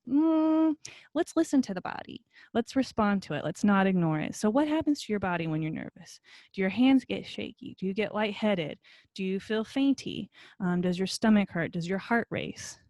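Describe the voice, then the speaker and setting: A woman's voice: medium pitch, darkish tone, dry recording, clean studio sound. A woman instructor recording a video lecture on her computer, talking in a friendly, encouraging way with frequent fillers. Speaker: college instructor.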